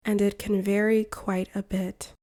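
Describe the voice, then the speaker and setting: A woman from the United States, an English teacher reading a shadowing lesson in slow, carefully separated phrases. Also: mid-range voice, little pitch movement, dark tone. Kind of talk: slow shadowing practice narration.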